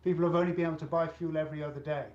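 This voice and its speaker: A man's voice: a little high, flat delivery, rapid-fire, a little mellow. A man analyst explaining fuel prices and interest rates in an interview, with some fillers. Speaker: economic analyst. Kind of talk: interview answer. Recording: roomy, dull remote audio.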